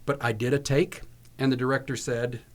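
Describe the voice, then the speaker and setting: A man's voice: medium pitch, brisk. A man from Virginia, a podcast host and voice actor, telling anecdotes in casual chat and acting out the quotes he tells. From Virginia, US South. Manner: animated anecdote teller, acts out quotes.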